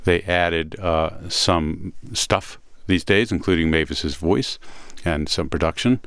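A man with a Brooklyn accent hosting a radio music segment, telling stories in a relaxed way with many pauses. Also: sits low, clean tone, no room sound. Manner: relaxed storytelling with frequent "uh" pauses. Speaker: radio host. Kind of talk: casual music chat on radio.

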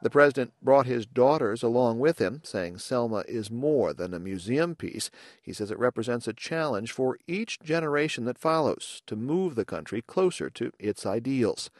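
A man filing a scripted radio news report in an even, measured newsreader delivery. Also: medium pitch, no echo, studio quality.

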